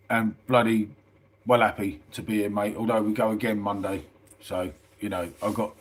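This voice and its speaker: A man's voice: on the low side, a little mellow. A middle-aged man, chatting casually on a live stream, reading out viewer comments and calling everyone mate. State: tired. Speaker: livestream host.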